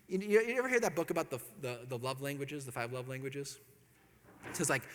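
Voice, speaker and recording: A man giving a humorous storytelling talk to an audience, acting out quoted lines with lively jumps in his voice. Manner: animated, acts out quotes with big pitch jumps. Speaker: Catholic speaker. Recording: long hall reverb.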